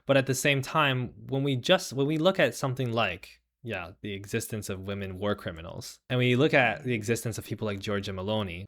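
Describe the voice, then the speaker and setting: A man hosting a livestream, talking in a rambling, animated way with a lot of "right?" and sarcastic mock voices as he reads the chat. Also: mid-range voice. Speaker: host. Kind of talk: livestream commentary.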